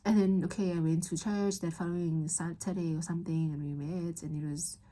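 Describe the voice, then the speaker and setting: Husky-voiced young South African woman. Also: on the low side, steady tone, brisk, dark tone, low-quality recording. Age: young adult. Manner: candid, rambling, emotional, with many restarts. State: tearful at times. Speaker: vlogger. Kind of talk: personal storytelling vlog.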